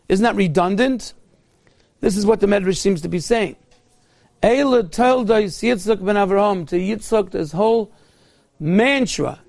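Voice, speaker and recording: A man's voice: high voice, creaky, no room sound. A man giving a sermon as a rabbi, telling stories in a fervent way and sprinkling in Yiddish and Hebrew words.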